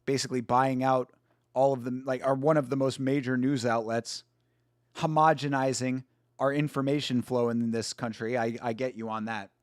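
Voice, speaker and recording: A man's voice: medium pitch, level tone, moderate pace, dry recording, studio quality. A young man hosting a live fight watch-along stream, chatting casually, swearing and greeting viewers by name.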